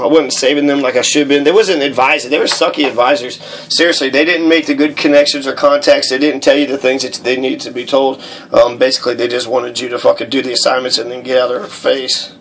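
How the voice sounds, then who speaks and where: A man casually talking through his paperwork, halting and aggrieved, with many fillers. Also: mid-range voice, vocal fry, fairly bright tone. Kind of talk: casual vlog walkthrough of documents.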